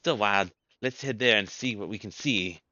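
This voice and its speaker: A man voicing a calm, measured adult male companion who speaks deliberately, over a dull lo-fi game capture. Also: on the low side, no echo.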